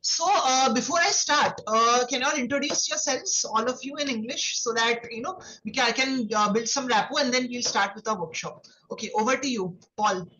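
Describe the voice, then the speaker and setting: A woman's voice: on the high side, normal speed, hardly any pauses, bright, forceful tone, muffled recording. A woman teaching a French class to children online. She explains patiently, repeats words, and keeps checking in with "okay?" and "right?". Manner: explains patiently, with many "okay"s and tag questions.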